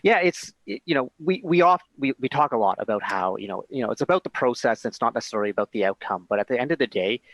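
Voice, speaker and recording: A man's voice: mid-range voice, expressive, fast talker, few pauses, no echo, dull audio. A man hosting a casual chat, enthusiastic and laid-back, jumping in with his own stories. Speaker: host.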